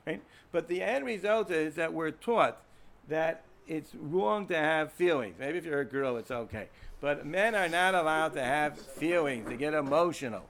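A man with an American accent teaching a class in a relaxed, meandering way. He repeats himself, restarts sentences and keeps turning to his students with questions. His speaking voice sits slightly high for a man. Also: normal speed. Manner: rambling, repeats words, asks students questions. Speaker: Torah teacher. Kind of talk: informal classroom lecture.

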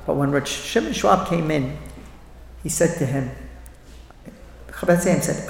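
Middle-aged man, high gravelly voice, animated storyteller, reverberant hall. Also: slow pace, pauses often, a little hiss or hum. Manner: animated, repeats phrases, acts out quoted voices. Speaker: speaker at a religious talk. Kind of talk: inspirational talk with storytelling. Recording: echoey hall with long reverb.

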